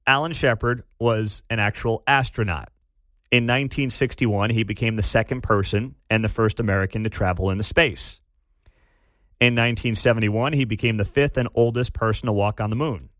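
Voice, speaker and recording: A man's voice: on the low side, fairly bright tone, no echo, studio quality. A man hosting talk radio, ranting sarcastically and mocking a clip he plays. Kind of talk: opinionated talk radio commentary.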